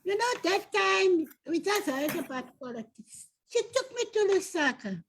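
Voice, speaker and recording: Through poor audio with slight background noise, an older South African-accented woman speaks unhurriedly in a very high voice. As a domestic workers' union leader and interview guest, she earnestly reminisces, telling her personal stories with animation.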